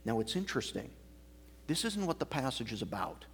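A man preaching an expository sermon as pastor, explaining a passage line by line in a measured teaching manner. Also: medium pitch, very animated, slightly rough.

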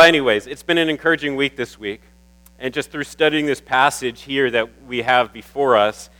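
A man preaching a sermon to his church, warm and emotional, often stumbling and repeating words. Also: medium pitch, poor audio. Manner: warm, emotional, getting teary at times. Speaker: pastor.

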